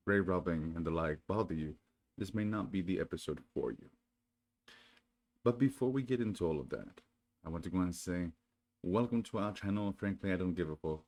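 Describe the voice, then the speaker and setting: A man hosting his channel in casual chat, then reading a storybook aloud in a soothing, unhurried way. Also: low-pitched, darkish tone. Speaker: channel host.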